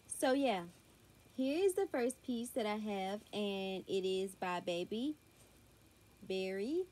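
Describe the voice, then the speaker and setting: A woman's voice: fairly high pitch, darkish tone. A young woman with a thick Southern US accent, chatting casually through a clothing haul at home with her daughter nearby. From Southern United States. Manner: chatty, drawling, says y'all a lot. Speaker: vlogger. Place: home room. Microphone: tablet built-in mic.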